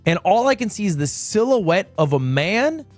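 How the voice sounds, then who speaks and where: A man in his twenties telling a rambling story on his stream, swinging between low mutters and high exclamations. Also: very animated, normal speed, faint music behind. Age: 20s. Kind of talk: casual storytelling.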